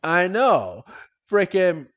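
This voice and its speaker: A man's voice: sits high, very animated, drawn-out words, a bit bright, muffled recording. A man co-hosting a podcast, recapping a cartoon episode in a rambling, casual way, with frequent swearing and laughter. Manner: rambling, swears, laughs often, quotes characters in voices. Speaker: podcast co-host.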